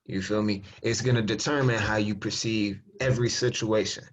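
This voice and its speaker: A man's voice: fairly low pitch, fairly even intonation, normal speed. A man giving a conversational motivational talk on a group call, explaining his idea step by step. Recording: muffled lo-fi call audio.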